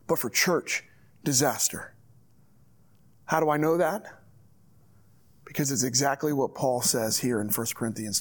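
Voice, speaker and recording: A man preaching a sermon as pastor, reading scripture and urging his church in an earnest, direct way. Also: a little high.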